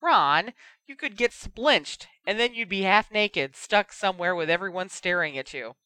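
A reader voicing Ginny, a sharp, bossy teenage witch who fires off suspicious, demanding questions in a raised voice. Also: medium pitch, animated, moderate pace, smooth, no room sound. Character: young woman, sharp and bossy teen witch.

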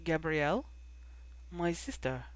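A reader voicing a quiet, grieving young woman in a storybook reading, speaking softly. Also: medium pitch, expressive, slow, dry recording, poor audio. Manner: soft, quiet delivery. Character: young woman, soft-spoken, grieving and guarded.

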